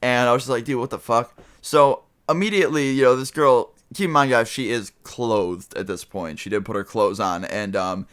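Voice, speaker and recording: A man's voice: medium pitch, normal speed, hardly any pauses, fairly bright tone, clear, resonant tone. A young man telling a casual storytime vlog, rambling with lots of fillers and swearing. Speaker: vlogger.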